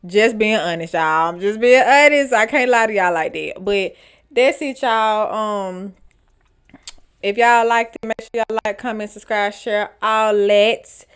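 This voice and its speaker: A woman hosting a storytime vlog. She reads online posts aloud and reacts to them in an animated, dramatic, slangy way. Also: mid-range voice, unhurried, clear, resonant tone. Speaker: storytime vlogger.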